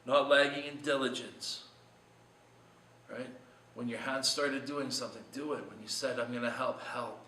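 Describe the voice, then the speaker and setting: A man's voice: medium pitch, fairly even intonation, normal speed, sharp tone, distant mic, a little hiss or hum. Earnest preacher man, echoey room. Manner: earnest, conversational preaching with rhetorical questions. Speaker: pastor. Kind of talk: short devotional sermon.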